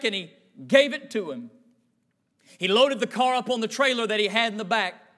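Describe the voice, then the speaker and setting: A preacher with a high, bright, forceful voice telling a sermon story. He builds rhythm through repeated phrases. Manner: repetitive, rhythmic cadence.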